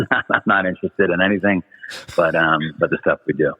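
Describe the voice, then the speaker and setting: A man's voice: deep voice, normal speed, husky. A man answering interview questions with brief, offhand replies. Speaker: interview guest, company CEO. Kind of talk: casual podcast interview. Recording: tinny phone line with long reverb.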